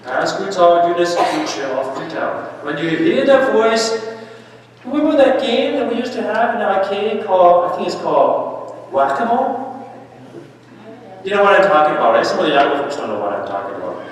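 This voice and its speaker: A priest leading a Lenten mission delivers a sermon in a large, echoey church, his high voice at normal speed caught by a distant mic. He's animated and anecdotal, with asides and laughter.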